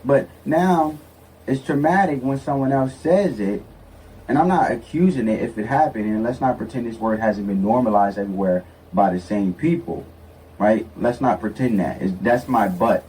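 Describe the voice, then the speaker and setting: A man's voice: mid-range voice, normal speed, warm tone. A man giving blunt, sarcastic opinion commentary, stressing his points emphatically. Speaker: political commentator. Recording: distant mic with faint noise.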